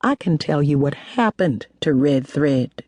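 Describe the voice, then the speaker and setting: A self-assured woman with a dry, teasing wit, voiced by a woman narrator in an audiobook. Her voice is warm and a touch husky, recorded close and dry. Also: deep voice, animated, unhurried, dry recording. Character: confident sharp-witted woman chemist, teasing.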